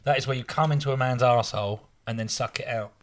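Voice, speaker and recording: A man co-hosting a podcast in casual chat, trading quick banter and frequently chiming in with agreement. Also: mid-range voice. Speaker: podcast co-host.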